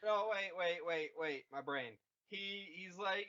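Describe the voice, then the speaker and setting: A man co-hosting a podcast, recapping a movie comedically and acting out characters in quick bursts. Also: high-pitched, fairly even intonation, bright, forceful tone, lo-fi sound. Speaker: podcast co-host.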